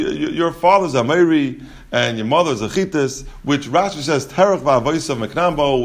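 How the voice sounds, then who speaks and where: A man serving as a Torah teacher gives a Talmud lesson, translating Hebrew and Aramaic text. His voice is a little high, and he chants each passage in a singsong before explaining it in plain English, restarting often.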